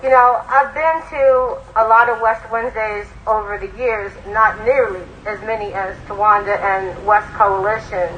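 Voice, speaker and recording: A woman state senator addresses an outdoor protest rally. She speaks in a measured, deliberate way and builds her emphasis as she goes. Faint noise sits behind her voice. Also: mid-range voice, fairly even intonation, fairly bright tone, dull audio. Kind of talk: political rally speech.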